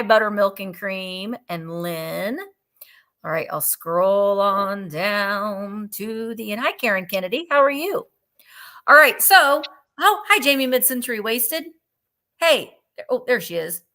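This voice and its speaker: A woman's voice: mid-range voice, a bit bright. A woman hosting a live-streamed vintage sale, chatting in a bubbly way and greeting viewers one by one. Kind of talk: live-stream sales chat.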